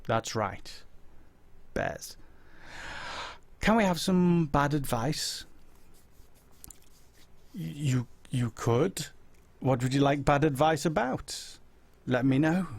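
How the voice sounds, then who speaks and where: A man hosting a casual live-stream chat, rambling through viewers' comments with deadpan silly humor. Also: medium pitch, unhurried. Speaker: host.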